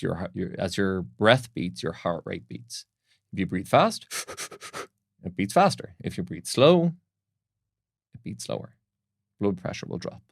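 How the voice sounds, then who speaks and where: A man with a low, gravelly voice explains breathing as a guest on a podcast. He talks in a calm, teaching manner. The sound is close and dry, with no room echo. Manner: calm, instructive, tells anecdotes. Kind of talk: explanatory interview talk.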